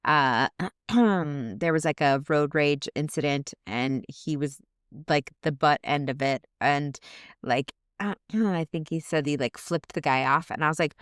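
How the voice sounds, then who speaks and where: A woman's voice: deep voice, a little slow, clear, resonant tone, no room sound, studio quality. A woman co-hosting a podcast in casual chat, speaking candidly, swearing freely and acting out quarrels in quoted voices. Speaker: podcast co-host.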